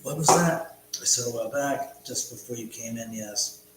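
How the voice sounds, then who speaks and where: A man's voice: medium pitch, moderate pace. A man hosting a casual livestream from his house, rambling and cursing as he chats with viewers. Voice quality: rambling, profane, chatty. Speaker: livestream host. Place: his own house, indoors. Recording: echoey room with hum.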